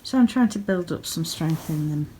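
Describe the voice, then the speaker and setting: A woman's voice: low voice, animated, normal speed, warm tone. A woman in her thirties chatting casually at home in a vlog, gushing over small pretty things and sounding sleepy. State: sleepy, yawning. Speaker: yarn dyer and vlogger. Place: home, craft room.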